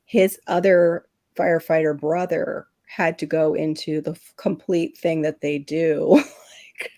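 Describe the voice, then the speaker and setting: A middle-aged woman from Florida hosting a casual chat, telling animated stories and laughing often. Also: low-pitched, a little slow. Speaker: livestream host.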